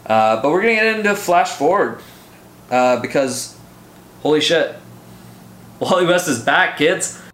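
A man hosting a casual comic book review podcast, excitable and profane, rambling with lots of fillers. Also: on the high side, measured pace, long pauses, echoey room.

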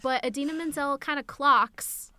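A woman's voice: high voice, normal speed, bright, forceful tone, slight background noise. A woman co-hosting a podcast, chatting casually through a movie recap, laughing easily and swearing now and then. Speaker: podcast co-host.

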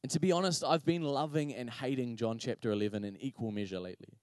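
A man's voice: mid-range voice, fast talker, a little mellow, no room sound, studio quality. A man preaching a sermon, personal and confessional, rising to impassioned pleading as he speaks to the congregation directly. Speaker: pastor.

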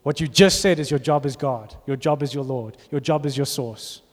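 Preacher in a reverberant hall. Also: male voice, medium pitch, moderate pace. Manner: passionate, rising to emphatic bursts. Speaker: pastor. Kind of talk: sermon. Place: church auditorium. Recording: long reverb of a large hall.

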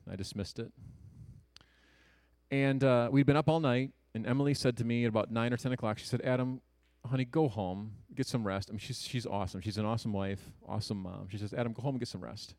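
An Ohio man in his thirties tells an audience a personal story, earnest and conversational, slipping in quick jokes and hushed asides. His voice is mid-range, and there's no echo on the recording.

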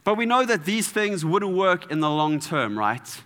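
Animated, bright-voiced male preacher in a hall. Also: high-pitched, unhurried. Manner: playful, animated, with sound effects. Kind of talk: sermon.

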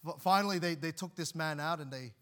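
Pastor guy preaching, bright ringing voice, bit high, keeps restarting his words. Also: quick pace. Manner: earnest, repeats words and restarts, reads scripture aloud. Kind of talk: sermon.

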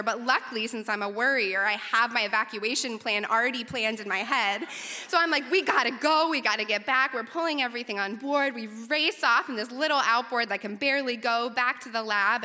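A young woman telling a personal story to an audience, lively, her voice leaping up when recounting panic. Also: a little high. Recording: reverberant hall.

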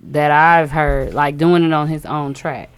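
A woman's voice: deep voice, steady tone, a little slow, smooth. A young woman co-hosting a casual podcast, laid-back and slangy, laughing often. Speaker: podcast co-host. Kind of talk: casual group chat.

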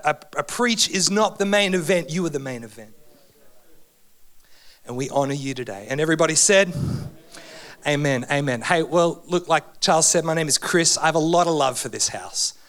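A man delivers a sermon in a church. His voice sits fairly high for a man and keeps jumping up and dropping low as he preaches. He mixes humour with heartfelt moments. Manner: animated, humorous, emotional preaching with big pitch swings. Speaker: guest preacher. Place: church hall.

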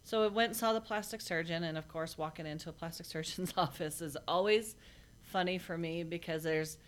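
A woman as an interview guest, telling a personal story in a blunt, matter-of-fact way with halting restarts. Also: lowish voice, clean tone. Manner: halting, with many restarts and fillers.

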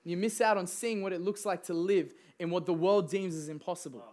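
A young man delivers a sermon as if chatting with friends. His storytelling is loose and conversational, full of fillers and quick laughs. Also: high voice, a little mellow. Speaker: preacher.

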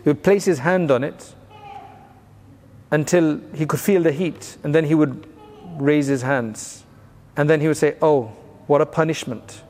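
A man's voice: fairly high pitch, fairly even intonation, a little slow, long pauses, darkish tone, in a large hall. A man giving a recorded religious class, explaining old narrations plainly and mixing in Arabic phrases. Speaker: religious teacher.

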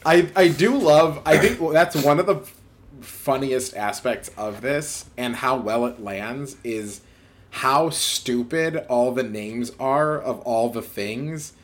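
A man's voice: mid-range voice, slow, a little hiss or hum. A man co-hosting a casual podcast, talking about a film in a loose, chatty way and acting out quotes from it. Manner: chatty, lots of "like", acts out quotes. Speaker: podcast co-host.

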